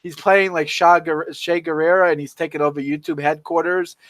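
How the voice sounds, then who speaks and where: High, bright man ranting crudely. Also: fairly even intonation, moderate pace, dry recording. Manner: crude, heated, laughing rants. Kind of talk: profane casual chat.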